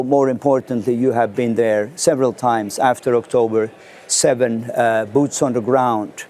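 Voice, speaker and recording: A man hosting a formal studio interview, speaking in a measured way with halting fillers. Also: medium pitch, darkish tone, a little hiss or hum. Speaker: interview host.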